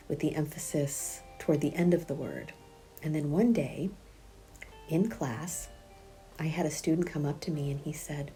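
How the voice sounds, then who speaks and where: A middle-aged woman teaching a prenatal yoga class, speaking gently and softly, often half-whispered, and counting breaths aloud. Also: deep voice, measured pace, soft background music. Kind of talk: guided yoga class instruction.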